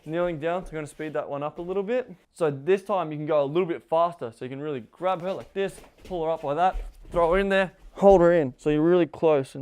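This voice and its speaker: A man's voice: fairly high pitch, brisk, dark tone, smooth. A man giving casual spoken instruction as a coach, rambling with lots of "like" fillers. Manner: rambling, heavy use of "like" fillers. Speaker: intimacy coach.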